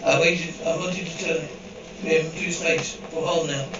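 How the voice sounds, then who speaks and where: A script reader with a slightly high, steady voice reads an episode script aloud at a moderate pace, giving the dialogue and sound cues the same even delivery. The recording is lo-fi, with a distant mic, an echoey room, and a noisy background.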